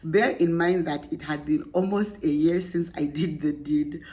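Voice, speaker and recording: A woman's voice: low voice, steady tone, unhurried, mellow. A young woman hosting a podcast, reading a listener's story aloud and breaking off with playful, laughing, teasing asides. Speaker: podcast host.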